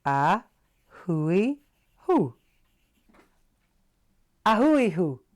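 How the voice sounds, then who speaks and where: A woman's voice: fairly low pitch, big pitch swings, very slow. A woman hosting a live craft tutorial, chatting and encouraging viewers as she draws. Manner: chatty, encouraging, talks to viewers while drawing. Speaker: craft show host.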